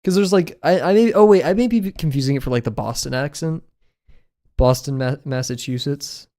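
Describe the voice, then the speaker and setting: A man's voice: on the high side, fairly quick, warm tone. Chatty man rambling during a stream. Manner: rambling, laughs often, many fillers. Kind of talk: casual chat while drawing.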